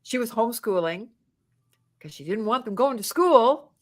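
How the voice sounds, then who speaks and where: Podcast guest: middle-aged woman, slightly high voice, animated anecdote teller. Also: normal speed. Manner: animated, acts out quotes with big pitch jumps. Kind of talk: casual storytelling.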